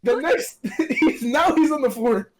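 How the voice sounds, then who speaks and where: A man telling stories among friends in casual chat, animated and swearing, acting out the voices of the people in them. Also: very high voice, unhurried, heavy background noise.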